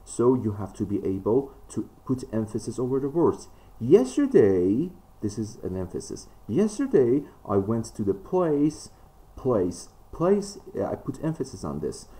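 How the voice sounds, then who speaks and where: Low-voiced man teaching with many fillers. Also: dark tone. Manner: frequent fillers, emphatic rises in pitch. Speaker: English test teacher. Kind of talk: spoken lesson.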